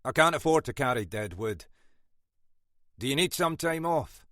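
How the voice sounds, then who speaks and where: A man's voice: mid-range voice, animated, normal speed, fairly bright tone, dry recording, voice pushed up, natural voice. A man voicing a brusque, scolding older Scottish male detective inspector in an audiobook. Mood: stern. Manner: brusque, scolding, dry wit. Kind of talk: audiobook character voice.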